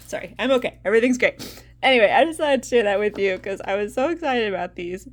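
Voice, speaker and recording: A woman chatting casually as she unboxes purchases, giddy and excitable, breaking into laughs and squeals. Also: fairly high pitch, fast. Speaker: card artist unboxing purchases. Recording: noisy with crinkling packaging.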